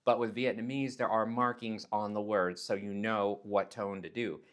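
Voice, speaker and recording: A man talks casually into the camera in a fairly low voice. He explains things in a chatty way and acts out words with stretched, exaggerated tones. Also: flat delivery, normal speed. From Texas, United States. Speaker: nurse vlogger.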